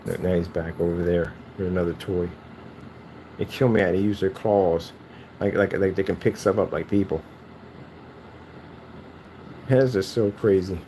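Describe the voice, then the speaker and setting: Man, casual crafting chat, rambling and playful, mellow tone, faint background noise. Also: sits low, normal speed, pauses often. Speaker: cardboard PC case builder.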